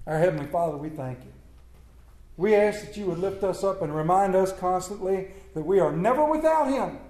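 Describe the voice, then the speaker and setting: Earnest preacher guy, kinda high, mellow tone, goes quiet a lot, echoey. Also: animated, moderate pace. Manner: earnest, repeats key words, drops to hushed tones. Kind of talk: sermon.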